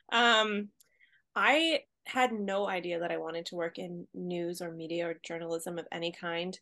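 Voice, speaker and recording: A woman co-hosting a podcast, telling her story in a relaxed way and laughing easily. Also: medium pitch. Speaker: podcast co-host. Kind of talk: casual podcast chat.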